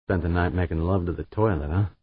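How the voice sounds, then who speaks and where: A man's voice: deep voice, quick pace, breathy edge, dry recording, phone-quality sound. A man voicing a brash, joking woman spaceship pilot who talks bluntly and in slang, read in an audiobook. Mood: teasing.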